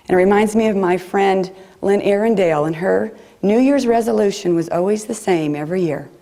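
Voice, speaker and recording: A woman preacher giving a gentle, reflective sermon in a chapel. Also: medium pitch, moderate pace, vocal fry.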